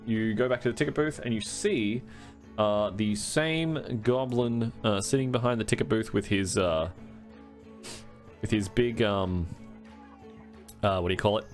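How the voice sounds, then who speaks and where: A man with a lowish voice runs a tabletop game, narrating the scene as game master. He rambles, stops and restarts often, and fills gaps with lots of uhs. Faint music plays behind him. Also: unhurried, long pauses. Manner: rambling, many fillers and restarts.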